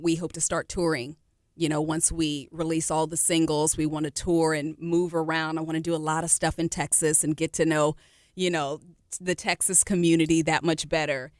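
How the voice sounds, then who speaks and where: A woman R&B singer, a guest in a casual radio interview, who talks in an animated, encouraging way with frequent fillers. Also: sits low, no echo, studio quality. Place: radio studio.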